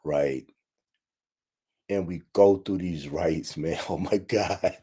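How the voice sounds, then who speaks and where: Heartfelt, low-voiced man telling a story. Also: slow, mellow, slightly rough. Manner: heartfelt, repetitive, addresses listeners directly. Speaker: podcast host. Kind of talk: emotional personal storytelling.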